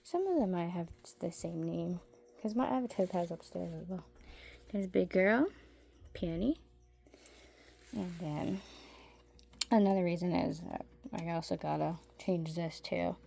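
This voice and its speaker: A woman with a gravelly, fry-laden voice talks at an unhurried pace in a casual home vlog from her basement. She rambles, often leaves sentences unfinished and coos at her pets as she goes. Her delivery is relaxed and conversational. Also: on the low side. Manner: chatty and rambling, trails off mid-sentence and coos at her animals. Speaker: pet keeper showing her tarantulas and fish.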